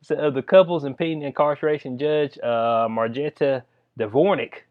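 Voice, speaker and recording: A man's voice: medium pitch, fairly even intonation, normal speed, phone-quality sound. A man, casually reading out a news story and joking about it in a loose commentary vlog. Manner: reads news aloud, then jokes and riffs with frequent laughs. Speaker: commentary vlogger.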